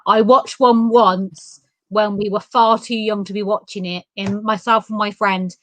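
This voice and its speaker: A woman's voice: mid-range voice, fairly even intonation, a little slow. A woman hosting a chat show, talking casually and reading out viewer comments. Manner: friendly, reads out viewer comments. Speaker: host.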